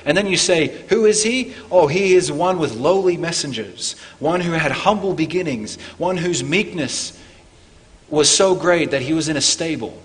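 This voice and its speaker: A man preaching a Christmas sermon as pastor, earnest, climbing for emphasis and falling low and quiet on key points. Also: expressive, moderate pace, in a large hall. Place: church.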